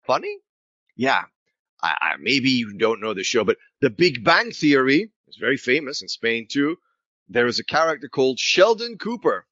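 A man's voice: mid-range voice, very animated, moderate pace, sharp tone, no echo, dull audio. A man teaching an English grammar lesson to Spanish speakers, asking and answering his own questions and switching into Spanish to explain.

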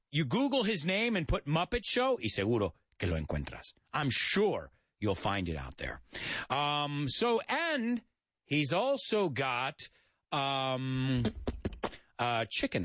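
A man's voice: medium pitch, a bit bright, no echo, clean studio sound. An American man hosting a radio show, teaching English in a playful, jokey manner and mixing in Spanish explanations. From United States.

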